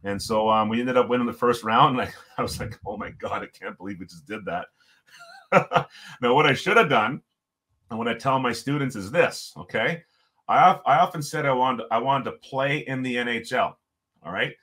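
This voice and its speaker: A middle-aged man, a podcast guest, telling a story in a lively way and chuckling often. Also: mid-range voice, normal speed. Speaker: podcast guest, former hockey coach. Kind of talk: storytelling in conversation.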